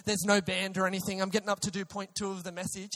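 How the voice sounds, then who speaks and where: Young man, high voice, preacher, animated testimony, stumbles and restarts. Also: fast talker. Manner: animated, excitable, with frequent restarts. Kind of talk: personal testimony storytelling.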